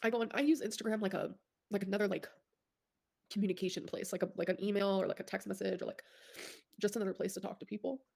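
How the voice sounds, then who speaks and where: Creaky-voiced woman livestreamer. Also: medium pitch, steady tone, quick pace, darkish tone. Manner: rambling, full of "like" fillers. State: stuffy nose. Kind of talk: casual livestream talk.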